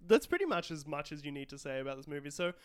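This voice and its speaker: A man's voice: a little high, big pitch swings, fast talker, clear, resonant tone. A man co-hosting a podcast, giving dry, wry commentary while reviewing a film. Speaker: podcast co-host. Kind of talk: casual film review banter.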